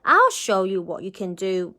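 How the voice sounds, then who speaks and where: A woman voicing a small, clever storybook man, bright and earnest. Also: mid-range voice, big pitch swings, unhurried, pitched below the performer's own voice. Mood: firm.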